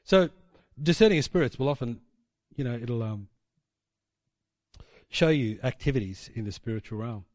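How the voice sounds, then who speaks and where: A man's voice: medium pitch, lively intonation, moderate pace, pauses often, a little mellow, no room sound. Dry, conversational male preacher. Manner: rambling conversational, frequent tag questions. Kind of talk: sermon testimony storytelling.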